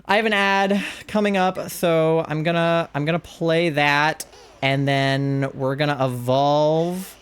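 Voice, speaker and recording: A young man streaming a game live, gushing excitedly and cooing over cute creatures in casual commentary. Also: a little high, takes it slowly, clean tone.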